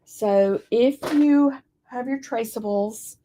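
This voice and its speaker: A woman's voice: on the high side, slow, dark tone, a little hiss or hum. A woman leading a live craft lesson, chatty and folksy as she talks viewers through her lettering. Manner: chatty, folksy, says y'all. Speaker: lettering teacher.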